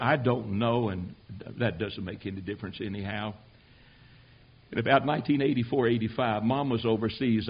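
An older man, a missionary preacher, delivering a sermon that swings from shouted climaxes to quiet storytelling. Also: medium pitch, breathy edge. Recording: dull lo-fi sermon recording.

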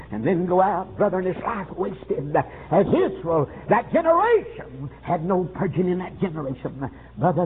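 A man preaches a revival sermon in a high, ringing voice, swooping up into shouts and dropping low again, filling gaps with "uh." The recording is thin and phone-like, an old tape with a faint hiss underneath.

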